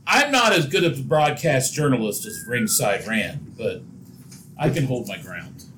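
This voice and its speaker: A man's voice: medium pitch, very animated, a little slow, fairly bright tone, poor audio. Guy cracking jokes on a wrestling podcast, faint room noise. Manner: joking, wisecracking. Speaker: podcast co-host. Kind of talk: casual wrestling podcast chat.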